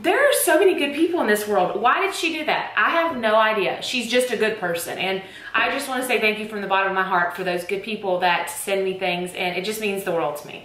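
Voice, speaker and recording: A woman's voice: on the high side, pushed and bright, roomy sound. A young woman with a Southern US accent, chatting casually and gushing to camera about her favorite things as a teacher vlogger. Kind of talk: casual product chat to camera. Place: room lit with bright lights.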